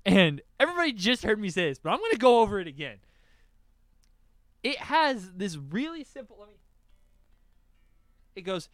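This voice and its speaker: A young man chatting casually on a podcast, telling a story and acting out his own excited reactions. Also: sits high, a little fast, no room sound. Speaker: podcast co-host. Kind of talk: casual chat, album reaction.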